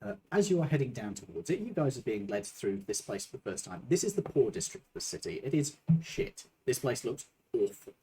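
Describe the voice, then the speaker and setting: A man's voice: mid-range voice, sing-song, brisk, hardly any pauses, mellow, slight background noise, rough recording. A man narrating a tabletop game as game master, irreverent and swearing casually. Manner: irreverent, swears, laughs often.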